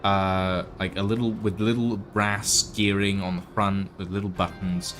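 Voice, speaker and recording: Low, slow-talking male game master. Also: flat delivery, fairly bright tone, soft background music. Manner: halting, filler-heavy narration. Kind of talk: narrating a tabletop game.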